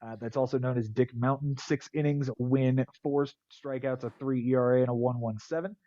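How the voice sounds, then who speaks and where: A man's voice: mid-range voice, steady tone, a little fast, warm tone, no room sound, muffled recording. A man hosting a podcast who casually rattles off fantasy baseball stats and cracks jokes. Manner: rattles off stat lines, wisecracking. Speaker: podcast host.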